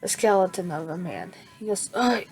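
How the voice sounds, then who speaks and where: A woman narrates a homemade fan story at a slow, unhurried pace. She stops and restarts her sentences often, searching for words as she goes. Her pitch sits in the middle range. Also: steady tone, darkish tone, low-quality recording. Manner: halting, with many fillers and restarts. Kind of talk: improvised fan fiction narration.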